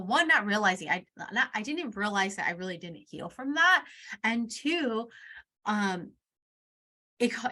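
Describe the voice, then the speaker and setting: A woman's voice: medium pitch, bright, forceful tone. A young woman hosting a podcast, speaking candidly about her own life in a personal monologue, swearing casually and repeating words for emphasis. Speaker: podcast host.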